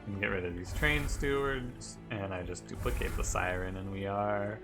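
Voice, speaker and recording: A young man streaming a card game, giving casual commentary in a rambling, chatty way full of quick self-corrections. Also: fairly low pitch. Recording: game music playing behind the voice.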